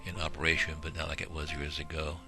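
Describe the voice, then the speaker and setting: A man's voice: very deep voice, completely flat delivery, fast talker, creaky. A man narrating a home video of a shelter in a folksy, rambling way, with many fillers. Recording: music playing behind.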